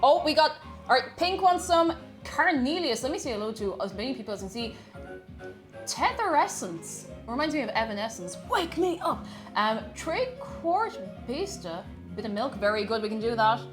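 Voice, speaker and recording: Woman streamer, chatty and giggly, slightly high voice, live from home kitchen with soft background music. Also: moderate pace. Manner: chatty and excitable, laughs often, greets viewers warmly. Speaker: variety streamer hosting a baking stream. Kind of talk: casual live-stream chat. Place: her own dim home kitchen.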